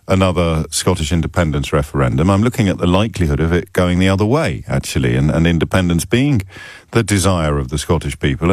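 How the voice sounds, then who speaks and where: A man's voice: deep voice, darkish tone, no room sound, studio quality. A man hosting a radio phone-in show, speaking thoughtfully with frequent stammered restarts. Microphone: studio microphone.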